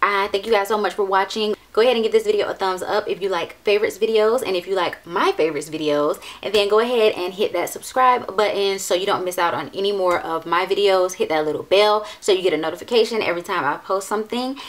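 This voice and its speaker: A woman's voice: mid-range voice, fast, hardly any pauses. A young adult woman beauty vlogger chatting casually through her monthly favorites, emphatic, repeating phrases and swearing freely.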